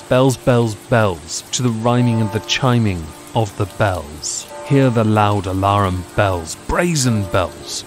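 A man with a fairly low voice reads a poem aloud in a rhythmic, dramatic way, as a calm ASMR poetry reading. Soft music plays faintly behind him. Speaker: poetry reader. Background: soft music and rain ambience.

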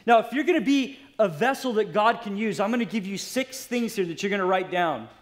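A man's voice: high-pitched, expressive, fairly quick. A man preaching a sermon as pastor, impassioned and putting direct questions to his congregation.

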